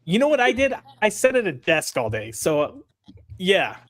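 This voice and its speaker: A man's voice: high voice, huge pitch swings, moderate pace, fairly bright tone, dry recording. A man hosting a casual podcast chat, teasing his co-hosts and laughing often. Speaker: podcast host.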